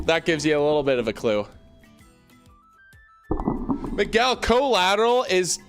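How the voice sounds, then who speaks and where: A man's voice: high voice, fairly bright tone. A young man hosting a casual home livestream, hyped and chatty, talking straight to his viewers. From Canada. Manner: hyped, talks to chat, calls viewers baby and y'all. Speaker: livestream host. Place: home basement room.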